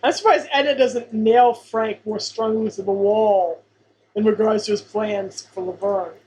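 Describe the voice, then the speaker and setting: A woman's voice: medium pitch, steady tone, unhurried, warm tone, slight background noise, rough recording. A woman co-hosting a podcast, chatting casually and emphatically, often repeating her points. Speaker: podcast co-host. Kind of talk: casual chat about a sitcom episode.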